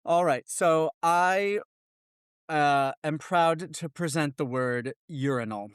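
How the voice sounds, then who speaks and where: A man's voice: fairly high pitch, takes it slowly, clear, resonant tone, no echo, studio quality. An American man co-hosting a podcast, playful and mock-formal as he argues his case. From United States. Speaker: podcast co-host. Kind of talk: casual podcast chat.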